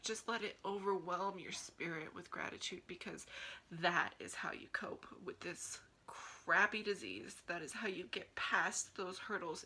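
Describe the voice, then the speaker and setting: A woman speaking earnestly to camera with a lowish, bright voice that carries a forceful edge. She pleads and encourages in a heartfelt vlog. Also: poor audio. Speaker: vlogger.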